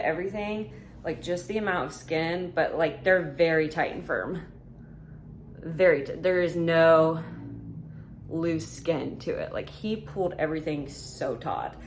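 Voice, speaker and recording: A young woman in her twenties with a drawl chats frankly in a casual vlog, with lots of "um" and "like". Her voice sits a little low, and faint room hum runs behind her. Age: 20s. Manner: chatty, filler-heavy, frank. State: slightly out of breath. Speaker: vlogger.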